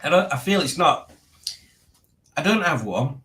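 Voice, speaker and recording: A man's voice: on the high side, lively intonation, unhurried, sharp tone. A man hosting a casual livestream, rambling and reading out viewer comments. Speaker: livestream host.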